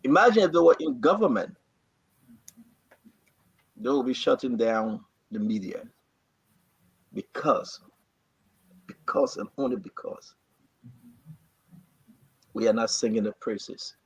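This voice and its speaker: A man hosting a talk show, giving impassioned, repetitive political commentary in a husky, gravelly voice. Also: mid-range voice, unhurried, long pauses, no room sound. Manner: repetitive, rising to animated outbursts. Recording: dry, dull lo-fi audio.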